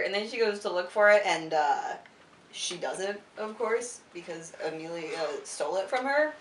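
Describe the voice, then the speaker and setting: A woman's voice: medium pitch, animated, slow, slight background noise. Tipsy young woman rambling in a roomy space. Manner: rambling, profane, full of "like" and "uh", giggly. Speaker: storyteller. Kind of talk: tipsy casual retelling of a classic play. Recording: roomy sound from a distant mic.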